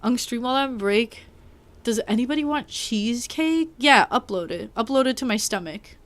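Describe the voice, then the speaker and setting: A woman's voice: a little high, lively intonation, normal speed, fairly bright tone. A woman streaming a video game, chatting casually and rambling to her chat, sometimes talking with her mouth full. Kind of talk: casual live-stream chat while gaming. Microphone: desk mic.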